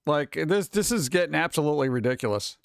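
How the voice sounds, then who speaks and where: A man hosting a casual live stream, reacting to news and jokes with sarcastic, lively asides. His voice sits somewhat high for a man. The sound is dry and close, with no room around it. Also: fast talker, vocal fry, smooth, no room sound. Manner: sarcastic, animated asides to viewers. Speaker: streamer reading news and memes.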